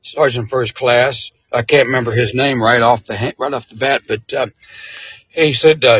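A man, a military veteran, telling a casual anecdote in an interview, animated and chuckling often. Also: mid-range voice, moderate pace, breathy edge, no room sound, highs cut off.

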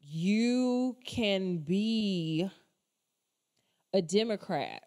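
A woman venting on her vlog at a mid pitch, talking straight to viewers she calls y'all. She rambles from point to point with heavy swearing and plain exasperation. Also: animated, very slow, darkish tone. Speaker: commentator. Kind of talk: casual opinion vlog rant.

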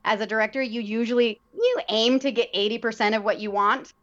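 Higher-voiced woman on a dull, lo-fi recording. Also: expressive, a little fast, a bit bright. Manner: reflective, searching for words with many fillers. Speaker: guest, theater director and actor. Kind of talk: casual conversation. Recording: dull lo-fi sound.

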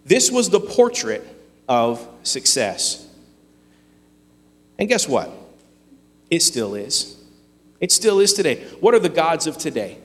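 A man preaching a sermon, earnest and emphatic, with dramatic pauses. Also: a little high, very animated, long reverb tail. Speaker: pastor.

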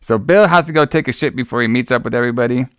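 A man with a gravelly, creaky edge recaps a movie in a rambling, easygoing chat, laughing and swearing as he goes. His voice sounds dry and close to the mic, with no room around it. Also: medium pitch, racing, no echo. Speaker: podcast co-host.

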